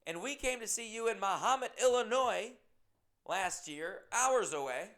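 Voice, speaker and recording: A man's voice: sits high, lively intonation, unhurried, fairly bright tone, voice pushed up. A man voicing a friendly middle-aged female fan who is eagerly greeting a comedian.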